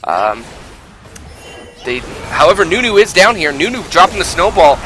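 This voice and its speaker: A man giving solo live commentary on an online game, rising loud and high in fights, with many fillers. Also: very animated, normal speed, faint music behind. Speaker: esports caster.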